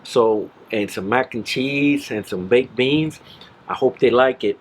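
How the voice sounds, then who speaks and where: A man's voice: medium pitch, measured pace, slight background noise. A man from Central Florida hosting his own barbecue channel, talking casually and enthusiastically while he cooks at the grill. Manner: easygoing, enthusiastic, exclaims often. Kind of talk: casual cooking vlog.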